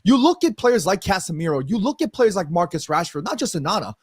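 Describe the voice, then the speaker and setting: A man with a New York accent talks football on a casual panel, animated and brash, swearing freely. His voice sits high for a man and comes across very dry and close. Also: fast, husky, no room sound. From New York City.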